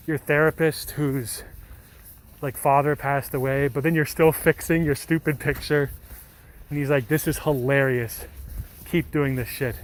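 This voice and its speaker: A man chatting casually with viewers, reading their comments aloud in a rambling, self-deprecating way and swearing now and then. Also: fairly high pitch. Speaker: streamer reading chat.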